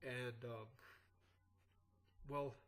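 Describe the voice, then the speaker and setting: Male YouTuber with a congested, groggy sick voice; rambling casual commentary at a middle pitch. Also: fairly even intonation, very slow, a bit bright, low-quality recording. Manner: rambling, with frequent "uh" and restarts. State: sick with clogged sinuses.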